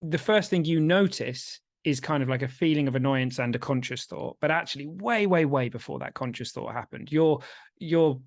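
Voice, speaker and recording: A man's voice: a little high, moderate pace, dry recording, studio quality. A man co-hosting a podcast and working as a coach, chatting casually, joking and reflecting.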